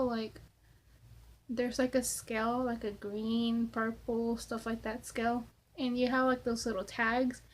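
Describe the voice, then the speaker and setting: Young woman vlogging a q&a, rambly, says like a lot, bit high voice, swears here and there. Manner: chatty, rambling, lots of "like"; swears casually. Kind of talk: casual Q&A storytelling.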